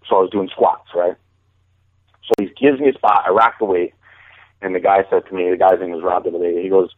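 A man chats casually and tells a long story, often doubling back on words before he finds his sentence. His voice sits low. It comes through a dry, narrow phone-like line. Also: a little fast, dry recording. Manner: rambling, repeats words when starting sentences. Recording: dry, phone-like call audio.

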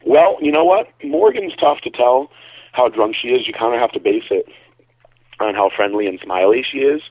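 A man from Connecticut, a bodybuilder, telling a story in a relaxed, rambling way on a call-in show, heard over a tinny phone line. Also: mid-range voice, moderate pace, dry recording. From Connecticut, USA. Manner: relaxed, rambling, lots of fillers. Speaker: bodybuilder and caller.

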